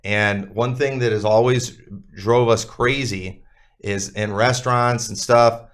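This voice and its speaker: A man's voice: medium pitch, fairly even intonation, takes it slowly, fairly bright tone. Blunt, emphatic male podcast co-host. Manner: blunt, emphatic, with many fillers. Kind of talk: casual conversational discussion.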